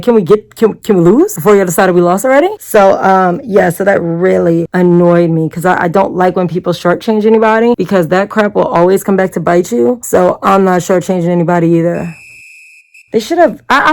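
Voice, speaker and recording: A woman's voice: medium pitch, darkish tone, poor audio. A woman chatting casually and rambling through a makeup tutorial, talking straight to her viewers as y'all. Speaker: makeup vlogger.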